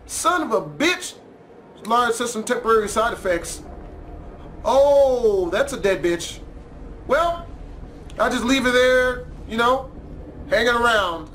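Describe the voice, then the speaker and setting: A man giving profane, excitable let's play commentary, trash-talking the game and yelling suddenly. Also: very high voice, takes it slowly, pauses often, slight background noise. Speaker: gamer.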